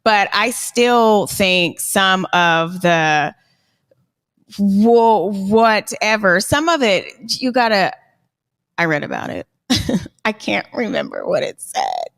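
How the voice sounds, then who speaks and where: A woman co-hosting a podcast in casual discussion, unhurried, often trailing off and searching for words. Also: mid-range voice, very animated, creaky, a bit bright, big-room sound. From US Northwest. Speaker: podcast co-host.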